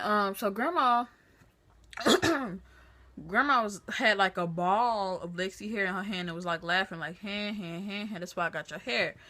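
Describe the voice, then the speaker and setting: Bright-voiced woman telling a story. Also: on the low side. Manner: chatty, lively retelling with acted-out quotes. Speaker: vlogger. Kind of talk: casual storytelling to camera. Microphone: phone camera.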